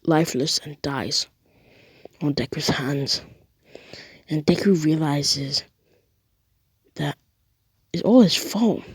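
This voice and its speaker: Low husky-voiced woman rambling thru a made-up story, dry close audio. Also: slow pace, long pauses, dry recording. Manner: rambling, strings events with "and then" and fillers. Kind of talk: casual improvised story retelling.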